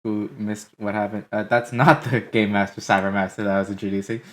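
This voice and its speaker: A woman hosting a tabletop game stream, introducing the players in a halting way with many filler sounds. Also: extremely low pitch, level tone. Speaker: stream host. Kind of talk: casual chat introducing players.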